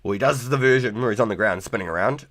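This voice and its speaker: A man live-streaming a game chats loosely with viewers, laughing often and swearing freely. His voice is fairly low and fairly bright, and he talks quickly.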